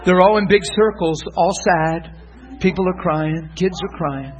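A middle-aged man, a pastor, telling laughing stories in a sermon from the pulpit, dropping to a hush and then rising loud. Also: high-pitched, unhurried, dull audio, a faint crowd. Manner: laughing, lively anecdotes, swings from hushed to loud. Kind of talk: sermon storytelling. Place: church pulpit.

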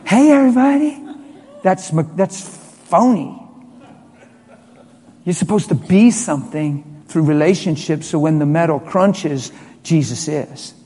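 A middle-aged man preaching a sermon as a pastor, telling a story with emphatic swings from loud to hushed. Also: a little high, slightly rough. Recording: long hall reverb.

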